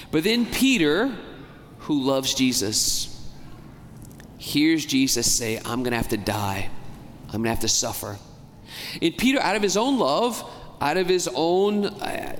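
A man preaching a homily as a priest, talking in a conversational way, asking the congregation questions and slowing down to stress key words. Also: on the high side, a bit bright, a little hiss or hum. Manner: slows down and stretches key words for emphasis. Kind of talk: sermon. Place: church. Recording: long church reverb, faint ambience.

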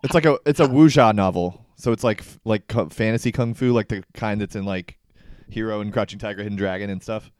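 A young man co-hosting a podcast in casual comedic chat, animated and laughing a lot, with frequent swearing. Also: on the low side, a little fast, clean tone, dry recording, clean studio sound. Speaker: podcast co-host.

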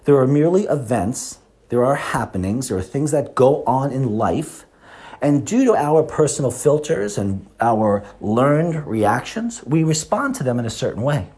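A man in his fifties hosts a health talk as a monologue and speaks straight to his listeners. His voice is mellow and warm, and his pitch swings widely as he lectures and poses rhetorical questions. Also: big pitch swings, unhurried. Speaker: host.

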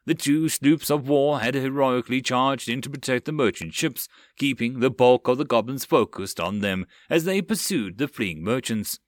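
A man's voice: mid-range voice, normal speed, hardly any pauses, dry recording, clean studio sound. A man narrating an audiobook of a web novel with dramatic storytelling.

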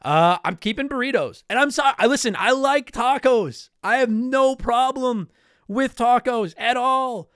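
A man's voice: very high-pitched, unhurried, a bit bright, clean tone, no echo, clean studio sound. A young man from Canada hosting a casual talk show, answering listener mail in a rambling, apologetic way with lots of restarts. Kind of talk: casual chat.

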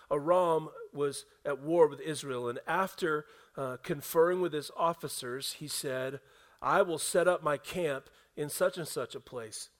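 A man preaching a sermon as a pastor, dropping to soft low asides and rising to loud, emphatic reading of scripture.

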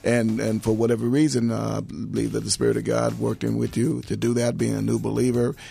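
A man's voice: medium pitch, monotone, a little fast, gravelly, dark tone, slightly rough. A man hosting a Christian radio talk show, taking calls and addressing people as brother. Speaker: radio host.

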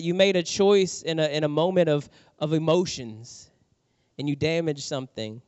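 A middle-aged male preacher tells a personal story in his sermon, acting out the voices in the tale. His voice sits a little high for a man. The sound is dry and somewhat muffled. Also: a little fast, clean tone, dry recording. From New Orleans, USA. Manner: animated storyteller, acts out quotes. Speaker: pastor.

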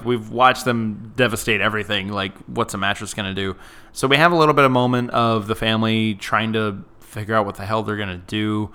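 Bright, smooth-voiced man recapping a movie. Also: on the low side. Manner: chatty, fills with "like" often, laughs easily. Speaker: podcast co-host. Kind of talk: casual movie recap chat.

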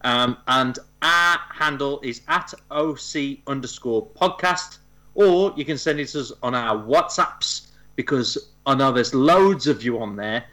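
A man's voice: mid-range voice, expressive, a little slow, pushed and bright. A man co-hosting a gaming podcast, explaining a listener contest in a giggly, self-deprecating way. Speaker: podcast co-host.

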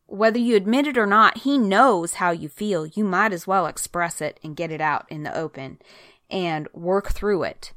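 A woman's voice: mid-range voice, a bit bright, no room sound, studio quality. A woman leading a conversational Bible study, earnest and chatty, stopping now and then to read scripture aloud. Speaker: Bible teacher.

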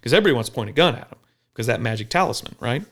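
Gravelly-voiced, blunt, profane man. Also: mid-range voice, very fast. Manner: blunt, profane, animated storytelling. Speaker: police officer. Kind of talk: casual podcast talk.

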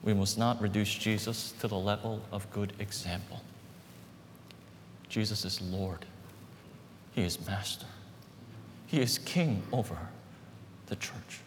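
A man preaching a sermon as pastor, emphatic, repeating phrases and slowing down on key words. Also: on the low side. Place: church hall. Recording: reverberant hall with faint background noise.

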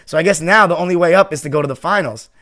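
Passionate sports fan ranting, raised voice. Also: male voice, fairly high pitch, very fast. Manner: passionate and emphatic, swinging from heated ranting to quieter heartfelt reflection. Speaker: sports podcast host and fan. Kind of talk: impassioned fan monologue.

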